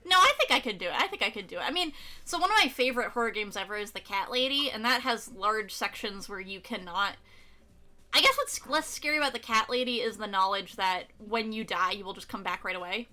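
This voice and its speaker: A bubbly woman streamer chatting and teasing a friend while she plays. Her voice is a little high and very bright. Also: lively intonation. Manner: bubbly, teasing, quick to laugh. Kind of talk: casual chat while playing a game.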